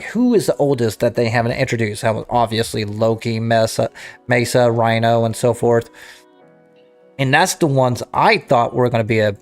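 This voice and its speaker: A man hosting a casual gaming livestream, talking off the cuff with frequent restarts and throat-clearing. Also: medium pitch. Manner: rambling, self-interrupting, clears throat. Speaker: livestream host.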